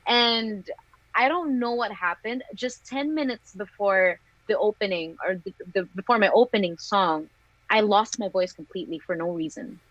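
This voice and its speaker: A young woman talks openly about her singing, often breaking into a laugh between thoughts. Her voice sits at an ordinary pitch for a woman. It comes through a video call with a muffled, lo-fi tone and no room sound at all. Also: normal speed, no echo. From Philippines. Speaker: singer, interview guest. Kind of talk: casual interview chat.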